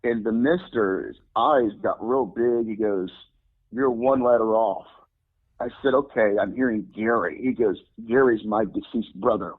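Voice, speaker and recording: A religious demonologist, appearing as an interview guest, earnestly recounts a personal story and often quotes himself. His fairly low voice moves at normal speed with few pauses and a breathy edge, and the audio sounds narrow, like a phone.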